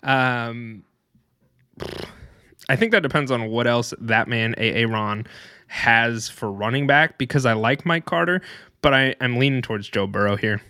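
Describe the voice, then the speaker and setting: A man's voice: mid-range voice, a little slow, bright, forceful tone, smooth, no room sound. A young man co-hosting a podcast, telling rambling stories in casual chat and laughing often. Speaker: podcast co-host.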